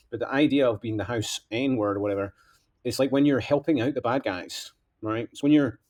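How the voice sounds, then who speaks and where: A man's voice: mid-range voice, darkish tone. A man delivering a rambling political monologue as a candidate, impassioned, veering between outbursts and mutters.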